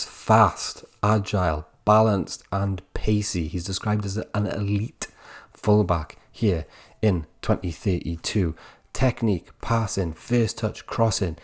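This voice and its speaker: A man's voice: fairly low pitch, darkish tone. A Welsh man hosting a video game channel, chatting casually through player stats and often tacking on "right?". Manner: chatty, rattles off stats, keeps asking "right?". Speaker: gaming channel host. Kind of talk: casual game commentary voice-over.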